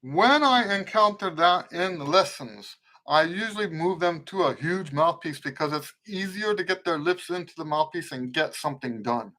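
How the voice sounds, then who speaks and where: A middle-aged man with a somewhat high voice and a mixed American accent rooted in Western Pennsylvania. He hosts a casual live trumpet Q&A in a rambling way, often breaking off and rewording his sentences. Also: animated, normal speed, sharp tone. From eastern United States. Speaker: trumpet teacher and show host.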